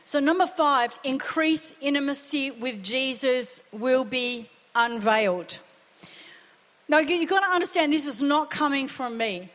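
High-voiced woman preaching passionately. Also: a little slow, a bit bright. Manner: impassioned, emphatic preaching with repeated phrases. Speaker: pastor. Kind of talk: sermon. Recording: long reverb of a church hall.

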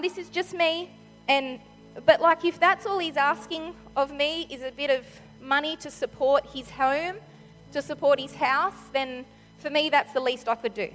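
A woman with a high voice gives a bubbly, chatty sermon into a handheld mic, her fillers tumbling out as she talks. Her words ring through a large church hall with a long reverb tail. Soft music sits faintly underneath. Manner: excitable, chatty, full of fillers like "like" and "you know". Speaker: church speaker leading the giving talk. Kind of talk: enthusiastic conversational sermon. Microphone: handheld microphone.

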